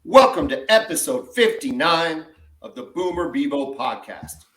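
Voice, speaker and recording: A man's voice: on the high side, lively intonation, unhurried, a bit bright. A man, co-hosting a sports podcast and ranting with strong opinions. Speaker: podcast co-host. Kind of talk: casual sports podcast chat. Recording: echoey room.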